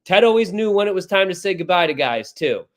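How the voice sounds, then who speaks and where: A man's voice: sits high, big pitch swings, a little fast. A man co-hosting sports talk radio, ranting in a fired-up, exasperated way. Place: radio studio.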